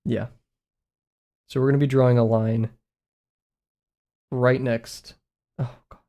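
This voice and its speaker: A man's voice: medium pitch, little pitch movement, takes it slowly, dark tone. A young man chatting casually to his viewers while drawing on a live stream, rambling and poking fun at himself. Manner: rambling and self-mocking, talks to chat. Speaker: art streamer.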